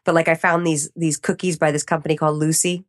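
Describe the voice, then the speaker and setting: Lively, laughing woman podcast guest. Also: low voice, fast talker. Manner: chatty and animated, laughs often, acts out her own reactions. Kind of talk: casual interview chat.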